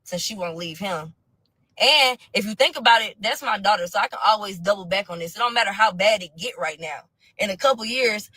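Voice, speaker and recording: A woman rants through a personal story for her viewers in bright, cutting tones, heavy with profanity and slang. She drops to low mutters, then bursts into loud crying shouts. The sound is close and dry. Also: fairly quick, no echo, rough recording. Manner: profane, blunt street slang. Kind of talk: casual storytime rant.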